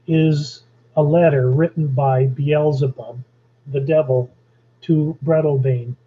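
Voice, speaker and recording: A man giving a history lecture, speaking deliberately with pauses and the odd filler. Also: fairly high pitch, slightly rough, phone-quality sound.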